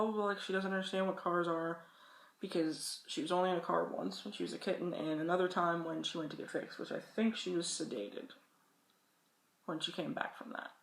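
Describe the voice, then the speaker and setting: A woman's voice: lowish voice, a bit bright. A young woman vlogging casual advice, rambling and chatty and swearing freely. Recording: echoey room.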